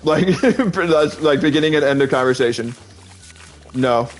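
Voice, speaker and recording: A man's voice: on the high side, moderate pace. Rambling, laughing male streamer. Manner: rambling and chatty, full of "like", often laughing. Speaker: Twitch streamer. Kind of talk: casual chat while gaming.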